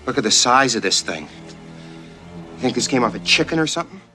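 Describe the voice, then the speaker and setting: A man's voice: mid-range voice, sing-song, moderate pace, music in the background, natural voice. Dude playing a goofy suburban guy, amazed and disbelieving, voice swooping all over.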